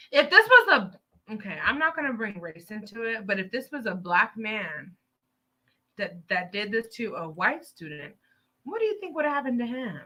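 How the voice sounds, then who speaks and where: Woman ranting on a live stream, fired up and cussing, voice bright and swooping all over. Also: fairly high pitch. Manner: heated, emphatic ranting with profanity. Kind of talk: live news commentary.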